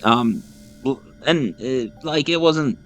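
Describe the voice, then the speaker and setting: A man's voice: mid-range voice, animated, takes it slowly, a bit bright, soft background music. A man in his thirties hosting a gaming channel, chatting casually over gameplay in a rambling, self-deprecating way and often repeating his words. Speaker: gaming YouTuber host.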